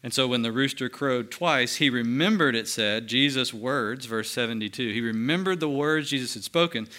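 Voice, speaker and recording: A man preaching from the pulpit with a bright, forceful tone. He moves between lively, emphatic stretches and hushed, slowed-down solemn passages, speaking straight to the congregation. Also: medium pitch. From United States. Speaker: pastor. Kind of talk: sermon.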